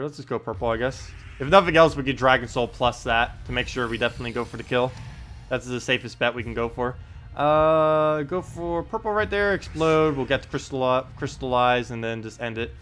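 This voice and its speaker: A man's voice: medium pitch, moderate pace, faint music behind. A man casually commenting on his gameplay during a live stream and answering viewer questions. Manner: relaxed, thinks aloud, lots of uh and um. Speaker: game streamer.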